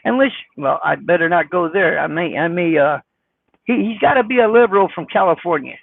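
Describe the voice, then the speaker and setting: A man with a squeaky voice, chatting casually on a live stream as he reads viewer comments, blunt, defensive and folksy. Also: expressive, brisk, gravelly, no room sound. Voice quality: squeaky high voice. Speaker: trucker vlogger reading live chat. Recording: dry, phone-like sound.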